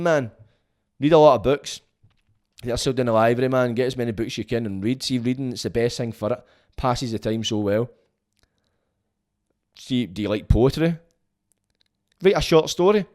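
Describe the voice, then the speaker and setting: A man's voice: medium pitch, moderate pace, pauses often, a little mellow. Blunt, profane Scottish man. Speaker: vlogger giving prison advice. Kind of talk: casual monologue.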